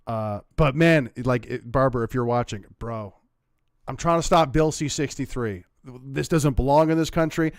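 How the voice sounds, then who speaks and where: A man from Canada giving sarcastic, animated commentary while reacting to a news clip. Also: mid-range voice, moderate pace, dry recording, studio quality. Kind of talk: casual political commentary.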